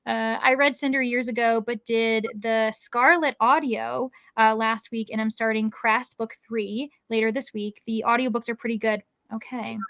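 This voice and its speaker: A woman's voice: fairly high pitch, fairly even intonation, moderate pace, few pauses, a bit bright, no echo. A woman hosting a casual livestream, chatting and reading viewer comments aloud, with lots of "like"s and laughs. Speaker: livestream host.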